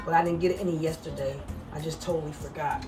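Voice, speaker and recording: A woman whose accent blends Brooklyn with the South talks lively and casually at home. Her voice sits a little back from the mic, with soft music playing behind her. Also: low-pitched, fast, recorded from a distance. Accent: mixed Brooklyn and Southern. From New York. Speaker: fashion collector showing her pieces. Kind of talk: casual chat on camera. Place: home kitchen.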